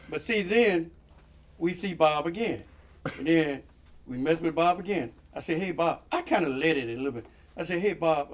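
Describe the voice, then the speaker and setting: A man telling a long funny story in casual chat, acting out the voices of the people in it and laughing often. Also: on the high side. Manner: animated, acts out quoted voices, laughs often. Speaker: guest storyteller.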